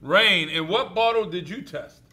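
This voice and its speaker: A man teacher running a classroom wrap-up, joking with students and loudly repeating their answers. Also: high-pitched, a little slow.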